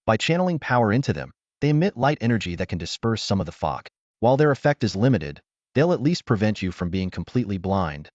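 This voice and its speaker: A hearty, proud veteran warrior of advancing years speaks in a low, commanding tone, as a man reading a novel puts him on. His lines rise and fall with lively swings. The audio is dull and dry. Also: fast talker, dry recording. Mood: approving. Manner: booming, commanding, laughs heartily.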